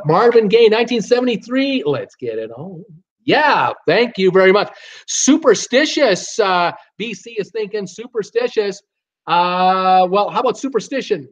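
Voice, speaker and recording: A man runs a live trivia game, reading out viewer guesses in a halting way with many fillers. He sometimes half-sings a song title. The stream audio is dull and lo-fi. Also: high-pitched, lively intonation. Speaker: live trivia show host.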